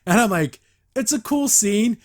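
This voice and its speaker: An animated young podcaster with a high-sitting voice reviews and reacts to a cartoon episode at a measured pace. He's enthusiastic and rambly, restarting often and laughing throughout.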